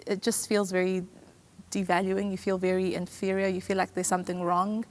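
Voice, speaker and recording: A woman's voice: mid-range voice, flat delivery, brisk. A young South African woman with a Zulu-accented English voice, speaking earnestly and reflectively in a candid conversation. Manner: earnest, reflective, acts out inner dialogue. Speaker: church conversation guest.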